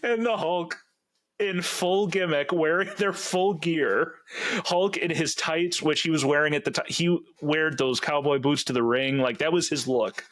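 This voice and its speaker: A man co-hosting a podcast, recapping scenes in casual chat, laughing often and acting out lines. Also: fairly high pitch. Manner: animated, acts out lines in quick voices. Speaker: podcast co-host.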